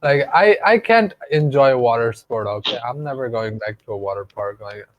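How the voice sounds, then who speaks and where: This young man co-hosts a podcast in a casual chat, speaking at a medium pitch with lots of expression and a moderate pace over a slight hiss or hum. He teases his friend, laughs often and hammers his points home with an emphatic "okay?".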